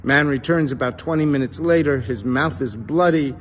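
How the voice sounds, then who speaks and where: A man, a rabbi, telling jokes in a deadpan, punchline-driven way. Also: mid-range voice, normal speed, few pauses, in a large hall, a little hiss or hum.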